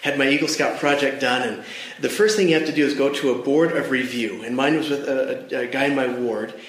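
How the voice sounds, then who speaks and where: A man's voice: medium pitch, a little fast, a bit bright. Earnest man telling a story in an echoey room. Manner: earnest storytelling, addressing listeners directly. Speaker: devotional speaker. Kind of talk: personal story in a church devotional.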